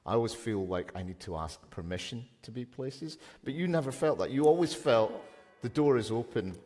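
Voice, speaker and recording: A man hosting a live stage interview, asking playful, animated questions. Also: medium pitch, fairly quick. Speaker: host. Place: festival hall stage. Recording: long hall reverb, festival stage.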